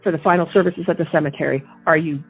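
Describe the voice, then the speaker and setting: A woman's voice: low voice, steady tone, very fast, gravelly, husky. A woman guest telling a personal story in an indignant way, often repeating herself and restarting. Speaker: interview guest recounting events. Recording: tinny phone line with faint music.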